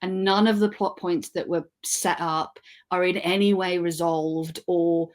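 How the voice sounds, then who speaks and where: A woman's voice: lowish voice, steady tone, measured pace. A woman in her thirties chatting casually and enthusiastically about books she has read, often correcting herself mid-sentence. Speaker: podcast co-host. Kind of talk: casual book chat.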